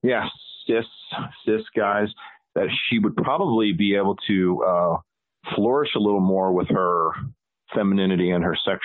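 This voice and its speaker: A man's voice: sits low, moderate pace, no echo. A man guesting on a podcast by phone from a hotel room, joking and teasing in casual chat. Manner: playful, teasing. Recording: tinny dry phone line.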